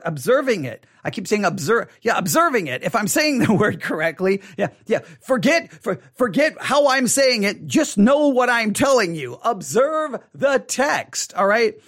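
A man teaching a Bible study, reading scripture aloud and then explaining it with emphatic repetition, slowing down to stress his points. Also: high-pitched, very animated, fairly bright tone. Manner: emphatic, repeats key words, slows down to stress points.

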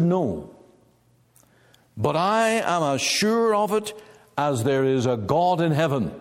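A male preacher delivering a sermon with emphatic rises to loud peaks and slow, low drops, possibly. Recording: long hall reverb.

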